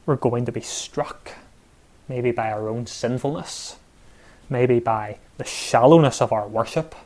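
Guy preaching real slow, leans hard on repeated words, mid pitch. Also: a little mellow. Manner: measured, emphatic preaching with pauses and repetition. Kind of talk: sermon.

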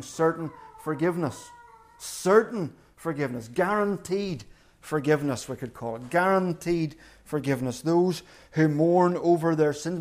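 A man preaching a sermon in an earnest, deliberate way, repeating key phrases for emphasis. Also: a little high, darkish tone. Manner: earnest, emphatic repetition with slow deliberate pauses.

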